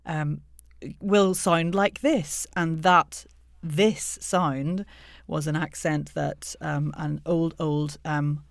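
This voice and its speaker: British voice coach chatting on a podcast, mid pitch, dry close sound. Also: creaky, no room sound. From United Kingdom. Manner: explanatory, animated, jokey asides. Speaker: podcast co-host, voice and accent coach. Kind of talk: casual interview chat.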